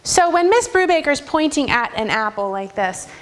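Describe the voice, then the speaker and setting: A woman's voice: high-pitched, big pitch swings, moderate pace, a little hiss or hum. A woman music teacher leading young children in a classroom with encouraging, sing-song call-and-response prompts. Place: school classroom.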